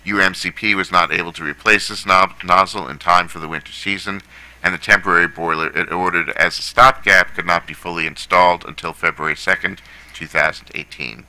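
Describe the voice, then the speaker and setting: A man on a commission's staff reading out a formal recommendation in a steady voice. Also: sits low, brisk, clean tone, poor audio.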